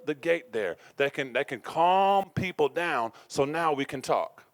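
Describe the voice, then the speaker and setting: A man preaching a sermon to a congregation, using call-and-response and swinging between loud declarations and hushed asides. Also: on the high side, no echo.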